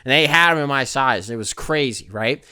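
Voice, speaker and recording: A man from the Detroit area tells a story on his podcast in a loose, rambling way, full of fillers and casual swearing. His voice is smooth and clear. The recording is close and dry. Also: medium pitch, moderate pace, pushed and bright, dry recording. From Detroit area, Michigan. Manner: rambling, profane, lots of fillers. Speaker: podcast host.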